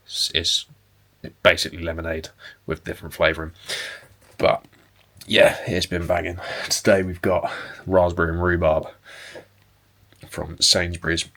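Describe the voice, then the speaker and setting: A young man chatting casually to camera in a relaxed, rambling way, with fillers and some swearing. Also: low voice, moderate pace. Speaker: bodybuilding vlogger and personal trainer. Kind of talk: casual vlog chat to camera. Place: indoors at home and in a parked car.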